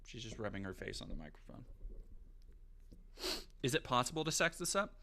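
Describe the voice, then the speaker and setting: Male streamer, lively pitch, profane and jokey, reads aloud with mock gravity. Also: brisk, a little hiss or hum. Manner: animated, profane, jokey riffing. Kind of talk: casual livestream commentary.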